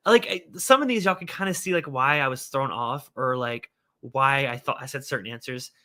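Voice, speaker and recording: Bright-voiced man hosting a whiskey livestream. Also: mid-range voice, moderate pace. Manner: animated, self-scolding, exclaims often. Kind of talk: casual livestream chat.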